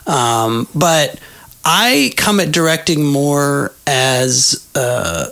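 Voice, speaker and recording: A man, a puppeteer and director, talking animatedly as an interview guest, full of quick asides and fillers. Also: on the high side, sing-song, gravelly, fairly bright tone. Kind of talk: casual interview chat.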